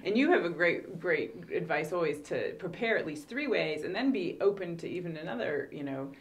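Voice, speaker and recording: A middle-aged woman with a low voice speaks as a casting director. She talks in an animated, casual way and often laughs. She acts out the actors she quotes. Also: normal speed. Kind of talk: casual advice chat.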